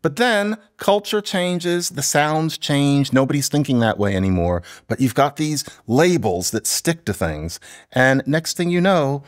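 A man speaking as a linguist guest in a conversational interview, explaining in a lively, professorial way. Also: a little high, unhurried. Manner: lively, professorial, imitates accents playfully.

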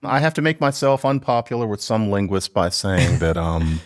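A man speaking as a linguist guest in a conversational interview, explaining in a lively, professorial way. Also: fairly low pitch, normal speed. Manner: lively, professorial, imitates accents playfully.

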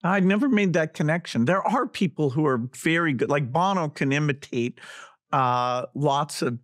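A man hosting a podcast interview, talking in a thoughtful, halting way with restarts and filler words. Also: a little high, expressive, dry recording, clean studio sound. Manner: thoughtful and halting, full of "you know" and restarts. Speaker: podcast host.

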